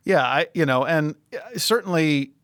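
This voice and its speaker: A man's voice: a little high, animated, normal speed, a bit bright, dry recording. Hesitant middle-aged man, dry close sound. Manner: hesitant, filler-heavy, thoughtful. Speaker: podcast co-host. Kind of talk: casual sports chat.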